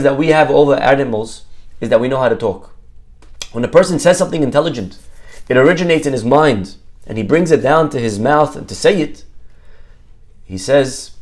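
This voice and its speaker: A man's voice: on the high side, a little mellow. Male rabbi, Torah class teacher, engaging and repetitive, quizzes the group. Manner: quizzes listeners and repeats key words, sprinkled with Hebrew terms. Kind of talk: lively Torah lesson to a live group.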